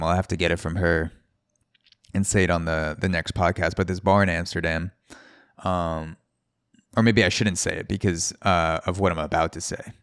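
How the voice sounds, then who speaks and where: Man hosting a podcast, very low voice, rambling casual story, swears, restarts, dry close sound. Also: smooth, dry recording. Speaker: podcast host.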